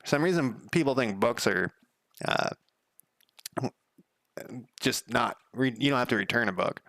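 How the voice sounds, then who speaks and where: A man's voice: mid-range voice, animated, measured pace, a bit bright, no echo. A man live-streaming while he codes a game, chatting casually in a rambling, profane way and counting under his breath. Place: home room.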